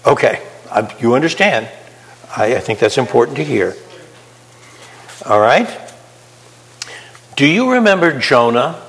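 A man's voice: mid-range voice, very animated, measured pace, long pauses, a bit bright. A man preaching a sermon, talking conversationally and putting questions to his listeners. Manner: conversational, asks the audience questions. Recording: reverberant hall.

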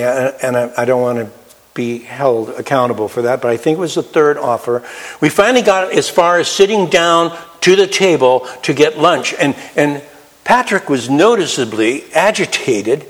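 A man preaching a sermon in an earnest storytelling manner, slowing down to stress key words. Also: fairly high pitch. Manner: earnest, storytelling, slows for emphasis.

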